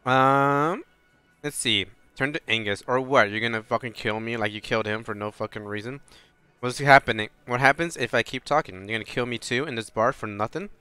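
A man's voice: mid-range voice, a little fast, clean tone, no echo, soft background music. A man playing through a story game, reading its dialogue aloud and swearing as he reacts. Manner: swears freely, reacts loudly, reads dialogue in a flat voice. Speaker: let's play host reading game text aloud. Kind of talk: casual gameplay commentary with read-aloud dialogue.

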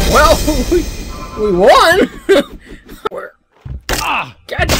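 A young man giving excited let's-play commentary, yelping, shouting, laughing and swearing as he plays. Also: extremely high pitch, unhurried, loud music behind the voice. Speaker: gaming YouTuber.

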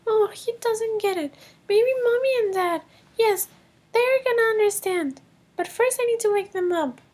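A woman voicing a worried little girl in a toy film, speaking in a high, childlike way. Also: moderate pace, darkish tone. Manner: worried and pleading. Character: little girl who has lost her voice.

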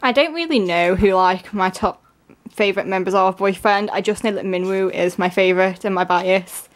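A woman gushing excitedly through a casual unboxing, her voice strained and giving out. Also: medium pitch, moderate pace. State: voice giving out, coughing. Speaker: K-pop album unboxer.

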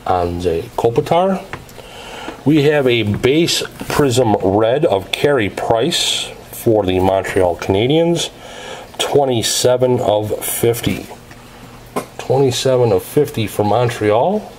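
A man's voice: medium pitch, lively intonation, takes it slowly, a little mellow, a little hiss or hum, poor audio. A man casually narrating as he opens packs of trading cards, reading out each card's details in a methodical way. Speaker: card break host.

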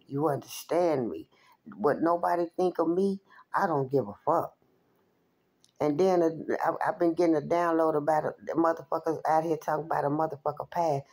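A woman's voice: on the low side, creaky, a little mellow. A woman who does spiritual readings, talking straight to her viewers in a blunt, profane, emphatic rant. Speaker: spiritual reader. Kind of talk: direct-to-camera rant.

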